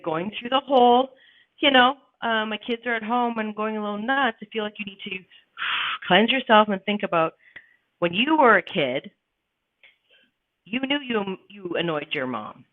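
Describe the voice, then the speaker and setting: A woman's voice: medium pitch, no room sound. A woman hosting a casual live-stream chat, talking bluntly and emphatically with plenty of swearing. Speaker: livestream host. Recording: tinny phone-like sound, dry.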